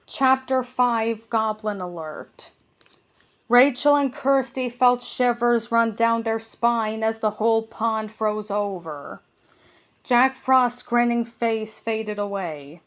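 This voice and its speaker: Woman reading a kids' bedtime story, slow, gentle and a bit high.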